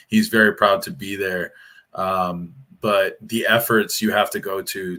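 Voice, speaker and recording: A man's voice: low voice, pushed and bright. A man from Hawaii with a Hawaiian Pidgin accent, speaking candidly and emphatically on a panel, often restarting his sentences.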